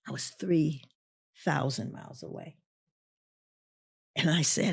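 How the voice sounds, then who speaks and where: Guest spot: middle-aged woman, husky, lowish voice, lively storyteller. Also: slow pace, long pauses. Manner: animated, voices the people in her story. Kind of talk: personal storytelling.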